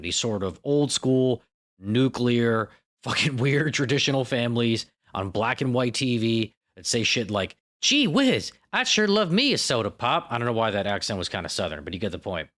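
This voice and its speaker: A man hosting a podcast alone, riffing in an irreverent, profane, self-mocking comic monologue. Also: mid-range voice. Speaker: podcast host.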